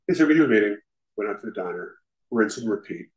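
A man's voice: fairly low pitch, expressive, fast talker, rough recording. A man giving candid personal testimony at a recovery meeting, self-deprecating and peppered with "you know". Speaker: speaker sharing at a recovery meeting.

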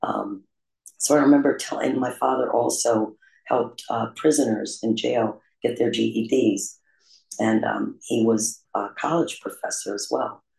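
A man with a gravelly, rough-edged voice tells his own life story in a confessional, self-deprecating way, pausing often on "um". His pitch sits at an ordinary middle height. The recording carries a roomy echo. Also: steady tone, a little mellow. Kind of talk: candid personal recovery story.

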